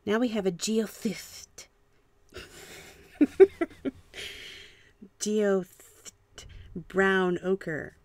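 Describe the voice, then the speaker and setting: A woman hosting a casual live stream at home, chatting and musing aloud while she paints, with soft trailing asides. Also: medium pitch, fairly even intonation, drawn-out words, pauses often, dry recording. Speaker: art channel host.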